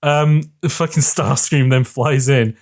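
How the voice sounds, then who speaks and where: A man's voice: mid-range voice, fairly even intonation, measured pace. A man co-hosting a casual movie podcast, recapping the plot animatedly and swearing freely. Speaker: podcast co-host. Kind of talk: casual movie-review chat.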